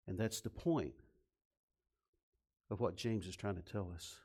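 A man's voice: on the low side, a little slow, pauses often, a little mellow. A man preaching a sermon in a conversational, emphatic way, asking the listeners rhetorical questions. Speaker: pastor.

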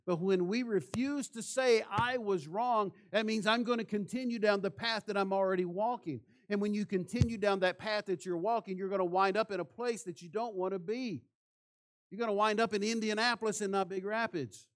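A man's voice: sits high, steady tone, fairly quick. A man preaching a sermon in church, asking the congregation rhetorical questions. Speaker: pastor.

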